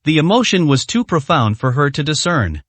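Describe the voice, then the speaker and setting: A man's voice: fairly high pitch, sing-song, moderate pace, a bit bright, no echo. A man narrating a translated romance story in a scripted storytelling style.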